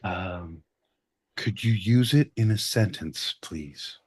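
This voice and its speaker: A man's voice: low-pitched, slow, a little mellow, husky. A man co-hosting a podcast, joking, swearing and rambling in casual chat. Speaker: podcast co-host.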